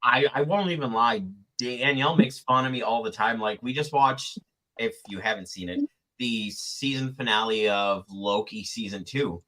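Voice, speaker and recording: A young man hosting a casual chat, animated and stammering, quick to laugh. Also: mid-range voice. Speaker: podcast host.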